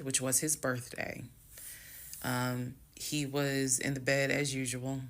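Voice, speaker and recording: A woman telling her own story to viewers in a frank, chatty way, going calm and hushed when she retells a conversation. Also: a bass voice, creaky. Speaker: storytime creator. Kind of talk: casual storytime monologue.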